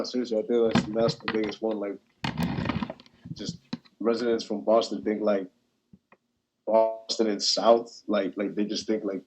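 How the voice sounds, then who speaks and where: A man's voice: on the low side, a little mellow, breathy edge, low-quality recording. A young man speaking as a student panelist in a casual discussion, hesitant and full of restarts, over a video call. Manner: hesitant, many restarts and fillers.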